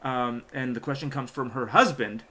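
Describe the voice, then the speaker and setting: A man co-hosting a live stream, speaking casually and haltingly, with many ums and uhs between his words. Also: medium pitch, pushed and bright. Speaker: livestream co-host. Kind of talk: casual livestream chat.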